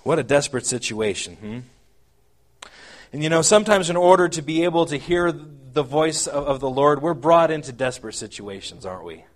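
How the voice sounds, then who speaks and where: A man preaching a sermon, earnest and halting, often repeating words as he explains scripture and reads old-style verses aloud. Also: on the high side, lively intonation. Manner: reads scripture aloud in King James wording. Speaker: pastor.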